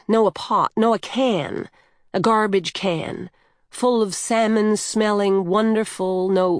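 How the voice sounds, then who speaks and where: A woman narrating a literary story in a measured, rhythmic way. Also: mid-range voice, dry recording, clean studio sound.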